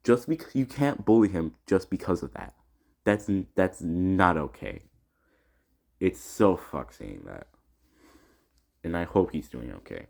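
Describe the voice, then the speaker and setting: A man's voice: low-pitched, big pitch swings, normal speed, creaky. A teenage boy ranting in a personal vlog, agitated, often restarting his words and swearing. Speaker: student vlogger. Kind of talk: upset personal vlog rant.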